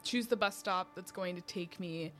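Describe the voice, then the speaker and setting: A woman playing a tabletop role-playing game, describing her character in a gentle, measured way. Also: fairly low pitch, faint music behind. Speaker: player.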